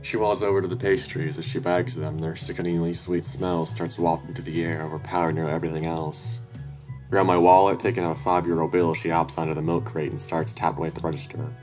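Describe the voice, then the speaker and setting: A deep-voiced man narrates his tabletop game character in first person with a wry, descriptive manner and an occasional casual curse. Clear music plays under his voice. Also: little pitch movement, fast, darkish tone, rough recording. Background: clear background music.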